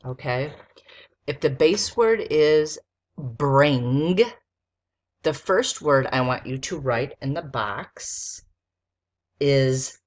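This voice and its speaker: A woman teacher giving a recorded spelling lesson to young students, dictating slowly and sounding out letters one at a time. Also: very deep voice, expressive.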